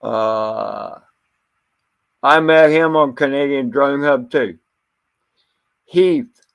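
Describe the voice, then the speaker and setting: A man's voice: medium pitch, very slow, creaky, clear, resonant tone. A man talking in a casual, rambling monologue as a livestream host, blunt and profane, often stumbling over and repeating his words. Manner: blunt, rambling, swears freely.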